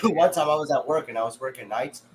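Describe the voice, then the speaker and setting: A man's voice: mid-range voice, brisk. Man, rambling crude storyteller, casual podcast chat, faint room noise. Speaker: podcast co-host.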